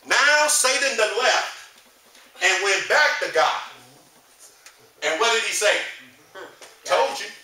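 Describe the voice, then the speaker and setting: A man's voice: high-pitched, lively intonation, slow, long pauses, bright, forceful tone. A man teaching a Sunday school lesson in a preaching style, posing questions and leaving blanks for the class to call out. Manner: call-and-response, leaves blanks for the class to fill. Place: church hall. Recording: roomy echo, mic from a distance.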